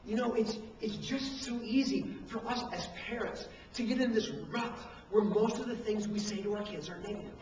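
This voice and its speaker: A man preaching a sermon on parenting, switching between acted-out scolding and hushed emphasis, recorded from a distant camcorder. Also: sits high, moderate pace, few pauses, slight background noise. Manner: animated preaching, acts out parents and coaches, drops to hushed emphasis. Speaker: pastor. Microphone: handheld camcorder from the room. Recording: echoey hall, distant camcorder mic, dull sound.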